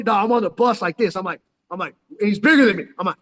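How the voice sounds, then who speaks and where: A man's voice: high-pitched, quick pace, a bit bright. A man from San Diego, telling rambling street stories into his phone in profane slang, calling the listener "dog" constantly. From San Diego, California. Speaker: vlogger telling life stories. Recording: long hall reverb.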